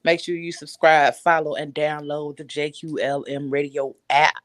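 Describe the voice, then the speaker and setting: A woman's voice: sits low, level tone, moderate pace, no echo. A woman guest on a casual podcast, upbeat and talkative, explaining her views earnestly. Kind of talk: casual chat.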